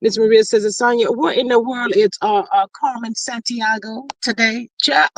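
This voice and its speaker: High-voiced chatty woman hosting a stream. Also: unhurried, no echo. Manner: chatty, animated, Southern-style slang. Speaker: live stream host. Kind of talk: casual live stream chat reading comments.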